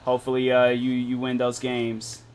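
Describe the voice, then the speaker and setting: A man's voice: medium pitch, monotone, moderate pace, darkish tone, slight background noise. A young man chatting casually while live-streaming games, telling rambling stories full of fillers. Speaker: game streamer.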